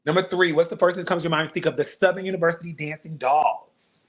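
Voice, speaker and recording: High-voiced male host asking questions. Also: steady tone, fast. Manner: asks numbered questions, affirms with frequent mm-hmms. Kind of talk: casual live-stream interview.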